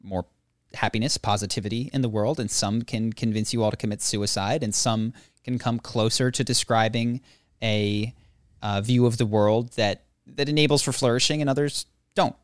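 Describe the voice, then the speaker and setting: A man on a podcast telling a personal story in a casual chat, animated, acting out the voices of others and joking at his own expense. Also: on the low side, moderate pace, no room sound, clean studio sound. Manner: animated, acts out quoted voices, laughs often; self-deprecating humor.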